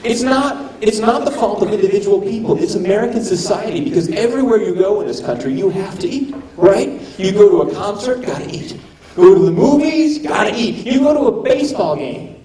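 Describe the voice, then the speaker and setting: A male stand-up comic with a strikingly high voice works an audience, mocking and animated. He is heard from a distance in an echoey room, with a loud crowd behind him. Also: fairly quick. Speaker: stand-up comedian. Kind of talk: stand-up comedy set. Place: live comedy venue with audience.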